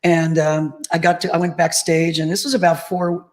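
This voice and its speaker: A middle-aged woman, a tribute band singer, chatting as an interview guest and telling lively anecdotes full of acted-out quotes. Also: fairly low pitch, normal speed, rough recording. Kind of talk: casual interview storytelling.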